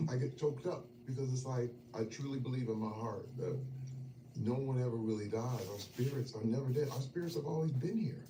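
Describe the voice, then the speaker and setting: A man telling personal stories in a casual chat over a meal, emotional and animated, dropping to murmurs and rising to loud bursts. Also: mid-range voice, a little fast. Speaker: guest. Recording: echoey, distant, noisy room.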